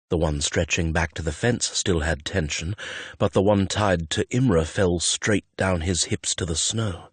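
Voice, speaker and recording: A man's voice: deep voice, husky, dry recording. A man reading a romance audiobook in a tense, dramatic narration on a close studio mic. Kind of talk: scripted narration.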